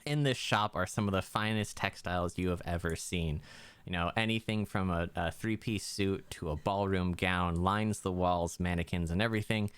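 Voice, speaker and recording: Deep-voiced laid-back man game master. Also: moderate pace, fairly bright tone, clear, resonant tone, no room sound. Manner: casual, loose, full of fillers and restarts. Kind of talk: narrating a tabletop game.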